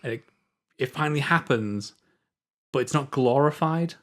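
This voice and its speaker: A British man in a film review chat, speaking in a middle-pitched voice. He picks his words with care, pausing on fillers as he analyses scenes. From Britain.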